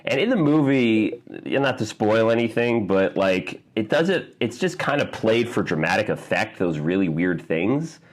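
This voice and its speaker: A man's voice: moderate pace, hardly any pauses. A man co-hosting a film podcast in casual chat, acting out quotes in a raised voice. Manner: animated, acts out quotes in a high voice. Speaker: podcast co-host.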